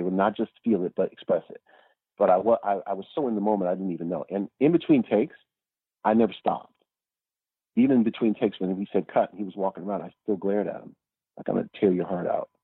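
A man speaking as a podcast guest, telling animated stories and acting out the quotes as he goes. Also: lowish voice, husky, no echo, phone-quality sound. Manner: animated storyteller, acts out quotes. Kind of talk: casual storytelling.

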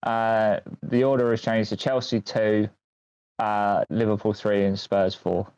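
A man co-hosting a football podcast, talking in a steady, matter-of-fact way. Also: fairly low pitch, a little slow, clear, resonant tone. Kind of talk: casual chat. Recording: slightly muffled audio.

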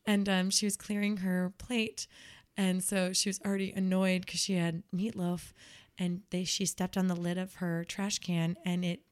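A woman's voice: fairly low pitch, flat delivery, normal speed. A young adult woman who works as a nanny, chatting casually and telling stories, acting out the voices she quotes. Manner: storytelling, acts out quoted voices. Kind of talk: casual chat.

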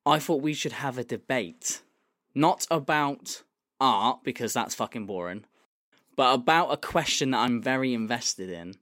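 A man's voice: medium pitch, animated, unhurried, fairly bright tone, no room sound, studio quality. A man hosting a podcast in casual, jokey banter, blunt and full of swearing. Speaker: podcast host. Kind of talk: casual chat.

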